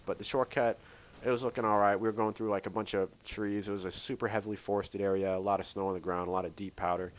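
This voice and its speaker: A man's voice: on the low side, fairly even intonation, fast. A man casually telling a rambling story over gameplay, full of "like" fillers and restarts. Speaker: gaming channel host.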